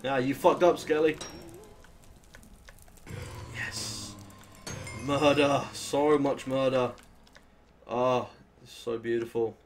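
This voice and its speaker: A young British man with a British accent, chatting and swearing casually as he plays through a modded game, with sudden excitable outbursts. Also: mid-range voice, takes it slowly, pauses often, slight background noise. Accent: British English. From Britain. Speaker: gaming channel host. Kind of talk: casual Let's Play commentary.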